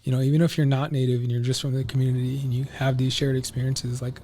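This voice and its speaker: A man's voice: mid-range voice, level tone, fast, warm tone, slight background noise. A man guesting on a podcast, telling a personal story in a loose, rambling way, full of "like" and "you know". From Minneapolis, USA.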